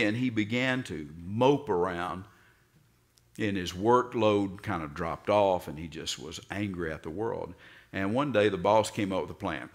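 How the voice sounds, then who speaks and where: An older man with a Southern US accent, a pastor preaching a sermon and telling stories, sometimes acting out voices with sudden loud outbursts. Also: low voice, a little slow.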